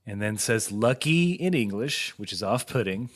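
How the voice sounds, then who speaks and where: A man's voice: lowish voice, normal speed, slightly rough. A man co-hosting a podcast, riffing playfully and swearing casually. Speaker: podcast co-host. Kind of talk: casual chat.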